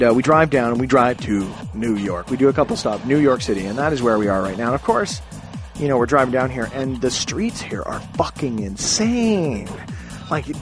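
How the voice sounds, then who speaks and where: A man hosting his own podcast, telling a story from a hostel room in a rambling, animated way and swearing freely. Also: medium pitch. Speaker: podcast host. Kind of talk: casual storytelling monologue.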